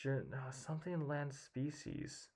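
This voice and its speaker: A young man solving a crossword on his own, talking under his breath as he tries out one answer after another. He trails off into quiet guesses and then speaks up again when something clicks. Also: medium pitch, measured pace. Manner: muttering guesses, thinking aloud. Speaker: puzzle solver. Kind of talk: casual solo commentary while solving.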